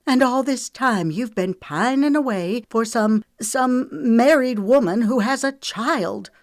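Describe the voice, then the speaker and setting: A woman's voice: mid-range voice, measured pace, dry recording, clean studio sound, voice pushed up, lightly acted. A woman voicing a hurt, fiery young red-haired woman in an audiobook reading, speaking in a raised, heated tone. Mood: angry, tearful.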